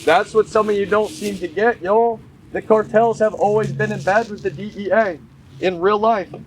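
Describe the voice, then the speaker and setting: High-voiced man ranting emphatically. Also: fairly even intonation, moderate pace. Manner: emphatic, repetitive, addresses viewers as y'all; conspiratorial ranting. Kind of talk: casual commentary. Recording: noisy background.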